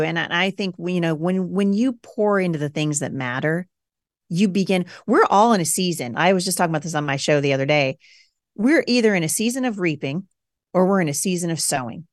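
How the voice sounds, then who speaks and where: A woman in her forties speaking as a podcast guest in candid conversation, emphatic and animated, jumping high when she acts out her past self. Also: dry recording, studio quality.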